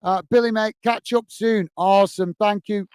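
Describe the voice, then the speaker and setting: A man's voice: sits high, steady tone, moderate pace, darkish tone, a little hiss or hum. A man hosting a football fan livestream, casually reading out viewer comments in a friendly, chatty way, full of "uh" and "mate". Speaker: football channel host.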